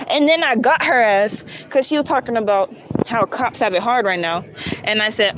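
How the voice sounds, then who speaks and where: A woman's voice: a little high, normal speed. Chatty young woman livestreaming on a street. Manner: chatty, animated, spiritual talk, swings to loud excitement. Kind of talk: casual live-stream vlog. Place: outdoors in a city, walking with bags. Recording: outdoor street noise behind.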